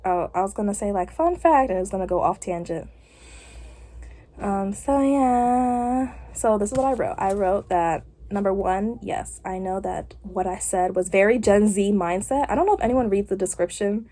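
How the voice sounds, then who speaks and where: In a warm, medium-pitched voice at a normal speed, a young woman vlogs casually while getting her hair done. Her talk is a rambling, chatty stream packed with fillers.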